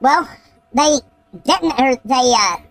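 High-voiced woman telling a story. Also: takes it slowly, a crowd in the background, poor audio. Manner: profane, excited storytelling. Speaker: podcast host. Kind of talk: casual podcast chat.

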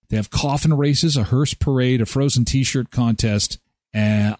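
A man's voice: mid-range voice, breathy edge, no room sound, clean studio sound. A man hosting a daily show, casually commenting on video clips with amused, off-the-cuff remarks. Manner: animated, amused, thinking aloud. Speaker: host.

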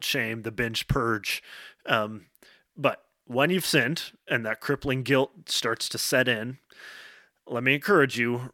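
An earnest man delivers an informal devotional talk, direct and plain-spoken. His voice is bright and forward, and it sits dry and close with no room echo. He checks in with his listeners with "okay" and pauses on "um". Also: medium pitch. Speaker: speaker addressing college men.

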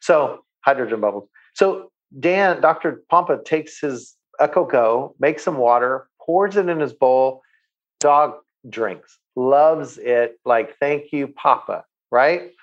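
A man of medium pitch tells a long anecdote on a talk show, animated and acting out the voices of the people he quotes. His audio sounds a little dull and lo-fi. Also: slow pace. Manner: animated storyteller who acts out quoted voices. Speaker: guest, water company owner. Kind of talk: casual chat, anecdote telling.

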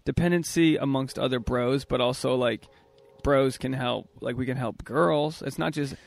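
A young man hosting a podcast, rambling through casual chat with frequent halting restarts. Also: medium pitch, gravelly. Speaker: podcast host. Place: outdoors at a yard sale.

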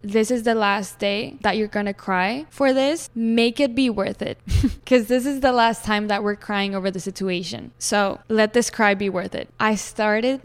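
Young female podcaster, smooth voice, candid and unfiltered, casual swearing. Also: mid-range voice, fairly bright tone, in a large hall. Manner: frank, swears freely, calls listeners "besties". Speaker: podcast host. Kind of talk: candid personal podcast monologue.

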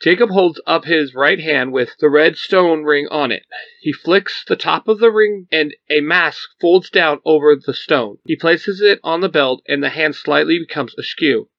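A man narrating a fan fiction story in a plain, steady reading voice. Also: fairly high pitch, moderate pace, creaky, dry recording. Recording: dull, dry lo-fi recording.

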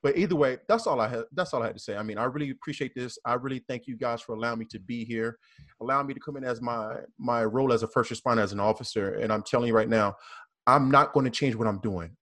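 A man's voice: medium pitch, a bit bright. A man, a police officer, speaking earnestly on a panel discussion, often repeating himself and restarting phrases. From American South. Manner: earnest, repetitive, halting restarts.

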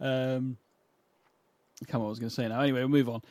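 A man's voice: mid-range voice, level tone, rapid-fire, a little mellow, dry recording. A man co-hosting a wrestling podcast in casual chat, thinking aloud with ums and tag questions. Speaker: podcast co-host.

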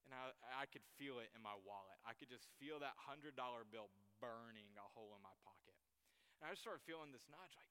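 A man's voice: mid-range voice, animated, brisk, sharp tone, smooth, in a large hall. A man preaching a sermon as pastor, repeating key lines for emphasis.

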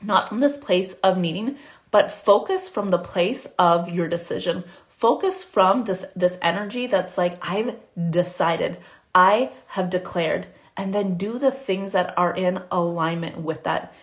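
A woman giving a live spiritual coaching talk in a quick, chatty way with many fillers. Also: mid-range voice. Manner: fast, chatty, many "like" fillers, acts out inner voices.

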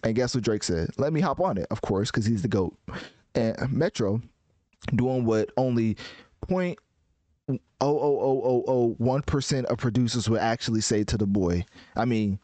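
Man, casual music commentary, rambling and animated, mid pitch, dry close sound. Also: measured pace, no room sound. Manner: rambling and animated, often restarting and laughing.

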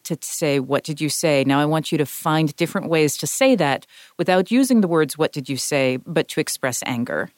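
A woman's voice: low voice, normal speed, few pauses, no echo, clean studio sound. A woman from the US South, co-hosting a podcast and explaining writing craft thoughtfully, with frequent restarts. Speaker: podcast co-host, writing teacher. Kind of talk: casual discussion.

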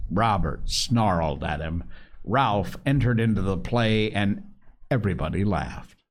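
A man narrating a novel aloud with a dramatic, expressive reading. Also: unhurried. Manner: dramatic, expressive reading with big pitch swings. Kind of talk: audiobook narration.

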